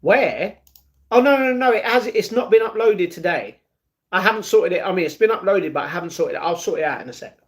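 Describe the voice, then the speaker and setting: On a relaxed live stream, a young British guy reads out chat messages, replies to viewers by name and laughs a lot. His voice is high, expressive and brisk.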